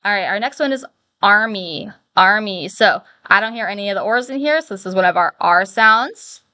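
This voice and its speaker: A woman teacher giving a phonics lesson, slowly and patiently sounding out the letters of each word. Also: mid-range voice, expressive, pushed and bright, dry recording.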